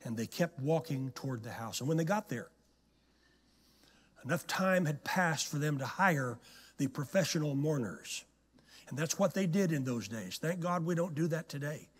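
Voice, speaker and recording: Male guest preacher, sermon, husky voice, high and very lively pitch, long church hall reverb. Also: moderate pace. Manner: animated dramatic storytelling. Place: church sanctuary.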